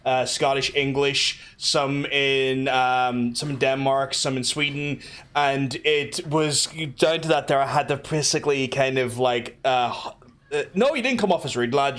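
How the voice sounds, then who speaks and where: A man's voice: medium pitch, fairly bright tone. A man with a Belfast accent chatting casually while streaming a game, rambling and swearing with many fillers and restarts.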